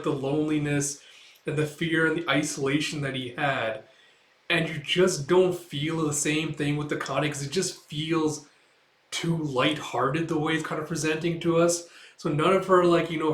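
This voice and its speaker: Rambling young man reviewing a manga. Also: on the high side. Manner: rambling, says "like" and "you know" often. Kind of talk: casual chapter read-through and commentary. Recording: echoey room.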